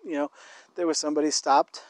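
Walking outside, this co-host talks casually about faith and love in a fairly high, flat-pitched voice with no room sound. His speech is rambling and halting, full of restarts.

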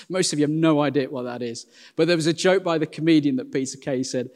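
An English man in his forties preaching a sermon in a church, telling self-deprecating stories in a lively way. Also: on the high side, a little fast. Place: church hall. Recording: long hall reverb.

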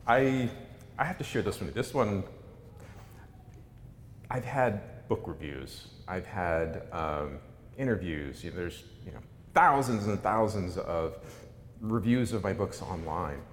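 In an echoey hall with a faint background rumble, a middle-aged man who writes books delivers a humorous talk. His tone is wry and self-mocking.

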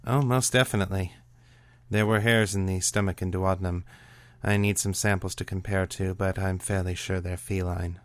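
A man reading the part of a sultry, teasing female medical examiner in a story, slow and suggestive. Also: low-pitched, fairly even intonation, no echo, natural voice. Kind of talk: audiobook reading of a serial story.

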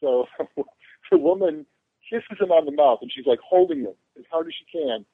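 A man calling into a podcast tells a rambling, self-mocking story, his pitch leaping and dropping all over as he jokes along. The line is tinny and phone-like, and the sound is dry with no room around it. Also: huge pitch swings, normal speed, creaky, slightly rough, dry recording. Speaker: podcast guest, convention organizer. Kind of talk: casual podcast chat.

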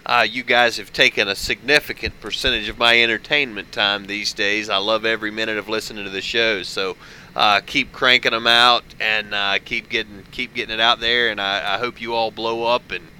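A man's voice: lowish voice, flat delivery, moderate pace, pushed and bright, slight background noise, poor audio. A man appearing as a guest on a casual gaming podcast, speaking in an easygoing, earnest way.

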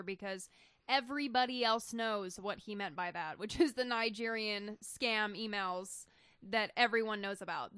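A woman co-hosting a podcast in casual chat, matter-of-fact and measured as she explains her points. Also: mid-range voice, a bit bright, clear, resonant tone, no room sound. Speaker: podcast co-host.

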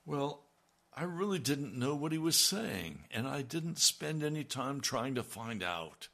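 Slow, gravelly older male preacher. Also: medium pitch, very animated, sharp tone. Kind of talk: sermon.

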